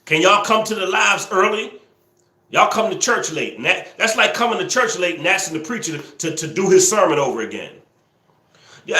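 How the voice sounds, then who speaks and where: A man hosting a live stream, teasing viewers and scolding trolls in the chat, sometimes yelling excitedly. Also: high voice, roomy sound. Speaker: livestream host. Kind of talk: casual live-stream commentary, talking to the chat.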